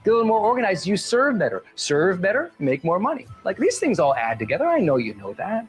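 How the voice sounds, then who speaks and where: High-voiced energetic male coach. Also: soft background music. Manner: energetic, quick and playful, with rhetorical questions. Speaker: performance coach. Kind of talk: motivational talk.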